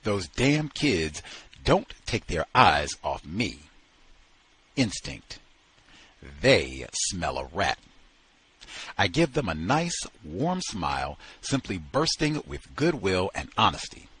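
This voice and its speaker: A man reading a novel aloud at a book study session in a slow, dramatic storytelling manner. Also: low voice, very animated, fairly bright tone, breathy edge, poor audio.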